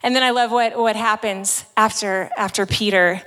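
A woman's voice: mid-range voice, fairly even intonation, moderate pace, a bit bright. Give me a woman preaching to women, conversational and emphatic, in a hall with long reverb. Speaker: women's ministry speaker. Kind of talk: sermon.

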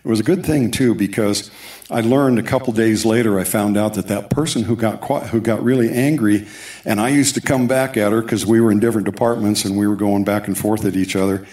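A man's voice: fairly low pitch, fairly even intonation, a little fast, a little mellow. A man giving a sermon testimony, telling his story with asides and quoted dialogue, recorded in a church sanctuary. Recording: echoey church hall.

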